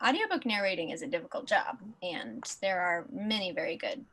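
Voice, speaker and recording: A woman chatting as a guest on a podcast, animated and laughing often. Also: on the low side, brisk. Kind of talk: casual podcast chat.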